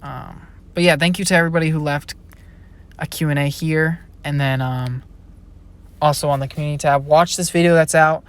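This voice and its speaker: A man's voice: a little high, fairly even intonation, moderate pace, clean tone. A young man, a college-age YouTube creator, chatting casually and rambling through a Q&A, often trailing off. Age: young adult. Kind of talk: casual Q&A chat.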